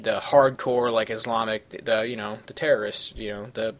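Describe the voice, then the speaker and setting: A man's voice: lowish voice, steady tone, normal speed. A man hosting a casual podcast, rambling and swearing freely as he jumps from one tangent to the next. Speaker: podcast host.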